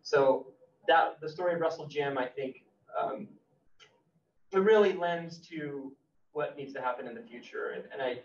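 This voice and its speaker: A man, an author, speaking earnestly at a library talk, halting with fillers. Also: on the high side, a little hiss or hum. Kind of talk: casual conversation at a library talk. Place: library event room. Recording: roomy, distant, muffled hall recording.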